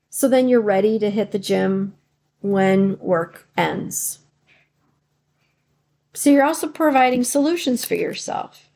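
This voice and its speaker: Gravelly-voiced woman giving encouraging advice. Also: fairly high pitch. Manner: warm, encouraging, speaks in rhetorical questions; fillers and restarts, emotional at times. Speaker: podcast host. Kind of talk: supportive self-help talk.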